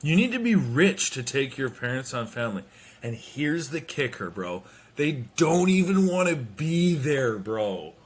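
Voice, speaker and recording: A man hosting a podcast, telling a comedic story in a casual, animated way, swearing and slipping into quick impressions of people. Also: medium pitch, a little hiss or hum. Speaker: podcast host. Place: home.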